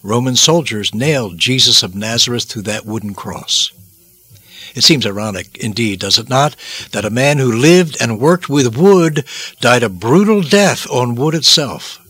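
A man's voice: medium pitch, expressive, measured pace, fairly bright tone, breathy edge, no echo. A male preacher delivering a solemn, dramatic sermon with repeated phrases and sudden swells of emphasis.

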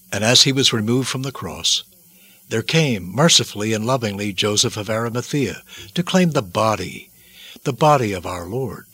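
A man preaching a dramatic sermon narration, solemn and theatrical, swinging between hushed and loud. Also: fairly low pitch, breathy edge, no echo.

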